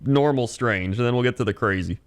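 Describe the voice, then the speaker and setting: A man's voice: medium pitch, fairly quick, clean tone. A man co-hosting a podcast in casual chat, laid-back and reacting to his partner's stories. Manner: laid-back, reacts with laughs and short comments. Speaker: podcast co-host.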